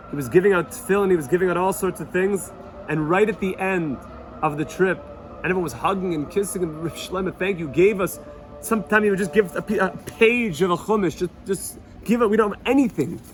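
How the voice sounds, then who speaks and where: A man gives a heartfelt Torah lesson as a storytelling rabbi, his voice sitting a little high. He repeats phrases for emphasis and drops in Yiddish words. Music runs clearly underneath. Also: fast. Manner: earnest, repetitive, sprinkles Yiddish and Hebrew words. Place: Jerusalem.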